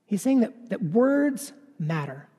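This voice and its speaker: Sitting high in pitch, this pastor's voice is mellow with a breathy edge, very animated yet slow. The man, in his thirties, preaches conversationally and keeps adding "right?", while a large hall lends long reverb to the recording.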